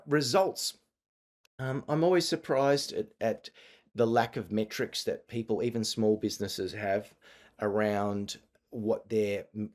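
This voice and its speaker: A man's voice: on the low side, darkish tone. A man presenting an online marketing masterclass over a video call, talking conversationally with frequent fillers and restarts.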